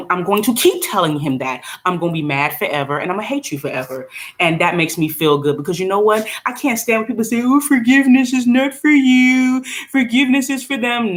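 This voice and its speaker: Blunt middle-aged woman venting. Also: low voice. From United States. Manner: venting, blunt, animated, laughs often. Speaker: vlogger. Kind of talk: casual vlog rant and apartment tour. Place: small apartment indoors. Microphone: phone camera held by speaker.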